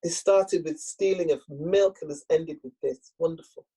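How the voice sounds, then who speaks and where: A woman's voice: low-pitched, normal speed, mellow, slightly rough, low-quality recording. A woman storyteller telling a folktale aloud in a dramatic, rhythmic way.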